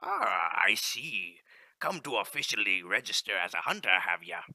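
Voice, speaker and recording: A man's voice: lowish voice, big pitch swings, moderate pace, sharp tone, dry recording, heavily acted. A man voicing a jolly, pirate-like male caravan leader for a video game, reading his lines with a growly pirate drawl and old-timey slang. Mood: eager, chatty. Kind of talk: amateur game voice-over reading.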